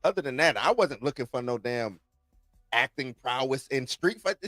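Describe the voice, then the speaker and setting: A man chats on a podcast with a lively, swooping voice, sounding exasperated and talking in slang. The recording is dry, with faint music underneath. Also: medium pitch, moderate pace, no room sound. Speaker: podcast co-host. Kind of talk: casual chat.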